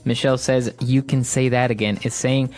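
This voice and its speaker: A man's voice: mid-range voice, fairly even intonation, moderate pace, darkish tone. A man from Ecuador co-hosting an English lesson, affirming and explaining phrases. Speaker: co-host, English teacher.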